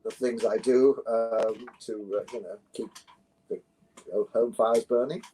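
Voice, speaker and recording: An older English man with a London accent, a guest recalling stories in a relaxed, rambling way with many self-corrections. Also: medium pitch, a little slow, slight background noise, poor audio. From London, England. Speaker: guest, actor and musician. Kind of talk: relaxed conversational interview.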